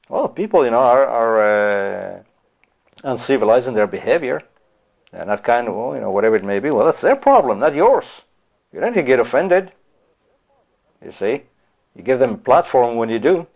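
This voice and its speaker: A man's voice: mid-range voice, animated, moderate pace, vocal fry. A man preaching a sermon in a rhetorical style, often breaking off with "you see" and "you know" asides. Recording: dull lo-fi recording.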